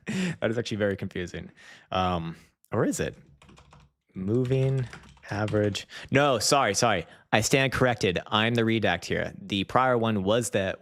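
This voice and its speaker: A man with a fairly low voice hosting a live trading stream. He talks in a loose, offhand way, with casual swearing and a chuckle at his own mix-ups. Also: no echo, studio quality. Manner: loose and conversational, swears freely, laughs at himself. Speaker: crypto trading livestream host. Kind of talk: casual livestream chat.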